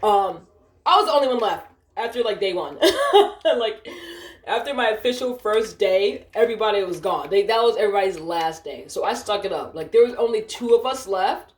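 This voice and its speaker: A woman's voice: mid-range voice, lively intonation, normal speed, echoey room. A woman telling a work story while gaming, cursing and ranting, often sidetracked. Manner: profane, ranting, easily distracted.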